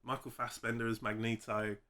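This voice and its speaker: A man's voice: medium pitch, flat delivery, fairly quick, bright, forceful tone. A man co-hosting a casual film review chat, gushing with enthusiasm and laughing as he talks.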